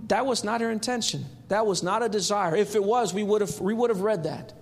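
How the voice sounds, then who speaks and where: A man preaching a sermon in a lively, humorous, conversational way. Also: high-pitched, a little fast. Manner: animated, humorous, acts out quotes.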